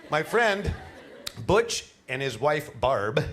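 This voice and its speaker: A middle-aged man doing a stand-up comedy set on a cruise ship, telling animated stories with laughs and put-on voices. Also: a little high, slow, slight background noise. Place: cruise ship show lounge.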